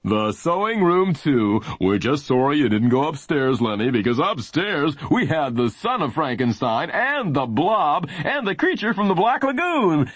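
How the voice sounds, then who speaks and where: A man's voice: very animated, measured pace, few pauses, slightly rough, no room sound, heavily acted. A slick game-show host, as a man puts him on. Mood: showy. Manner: showy, salesman-like pitch. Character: upbeat smooth-talking male TV game-show host.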